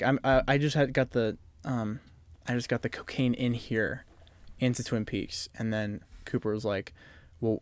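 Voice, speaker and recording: The voice is a man's at middle pitch, dry and close with almost no room sound around it. He walks through plot points in a casual, animated way, breaking off now and then to joke with his co-hosts. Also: no room sound. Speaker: podcast co-host. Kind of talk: casual episode recap chat.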